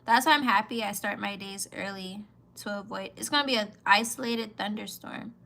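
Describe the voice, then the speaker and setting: A woman's voice: medium pitch, moderate pace, vocal fry, bright, forceful tone. A woman in her twenties chatting casually as a vlogger, playful and slangy, laughing often. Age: 20s. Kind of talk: casual chat reacting to comments.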